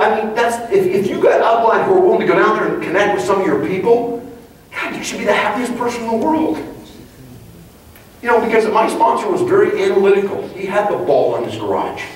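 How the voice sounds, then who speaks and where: High-voiced man coaching a room, echoey. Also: a little hiss or hum. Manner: emphatic, conversational, acts out dialogues. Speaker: leadership trainer. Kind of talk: live motivational training talk. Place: large meeting room before an audience. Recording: very echoey room, distant mic, faint ambience.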